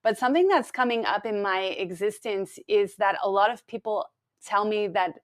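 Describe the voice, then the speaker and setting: A woman's voice: mid-range voice, moderate pace. A woman from California, a guest in a casual spiritual conversation, speaking reflectively and searching for words. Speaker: guest sharing her spiritual journey.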